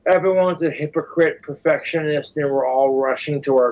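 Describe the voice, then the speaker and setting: Rambling man with hiccups, crude and boastful, higher voice. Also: moderate pace, a little mellow, rough recording. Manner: crude, boastful, stumbles over words. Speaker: streamer in a played clip. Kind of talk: rambling drunken rant.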